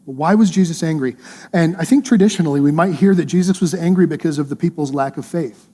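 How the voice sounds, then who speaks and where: A man's voice: on the high side, quick pace, warm tone, slightly rough. A male pastor preaching a sermon in an earnest, conversational way, using emphatic repetition.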